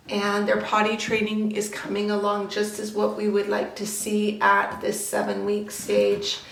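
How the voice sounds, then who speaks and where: A woman breeder explaining puppy training calmly, switching to high sing-song praise for the puppies. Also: creaky, distant mic, a little hiss or hum. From Canada. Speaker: dog breeder. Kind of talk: casual training demonstration. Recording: echoey room, voice off-mic.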